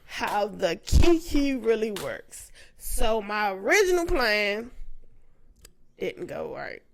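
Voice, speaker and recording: A woman's voice: mid-range voice, slow, vocal fry, a little hiss or hum. A woman co-hosting a podcast, telling stories and teasing in casual chat. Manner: lively, teasing storyteller. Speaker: podcast co-host.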